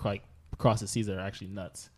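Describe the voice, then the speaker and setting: A man's voice: fairly low pitch, flat delivery, fast, darkish tone. A young man bantering brashly on a podcast, joking and hedging. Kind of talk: casual chat.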